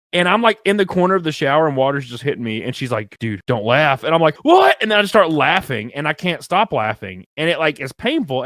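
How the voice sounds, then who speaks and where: A young man casually telling a rambling, animated story, full of "like" and casual swearing. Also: fairly high pitch, no echo, clean studio sound. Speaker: guest storyteller. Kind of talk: casual storytelling on a live stream.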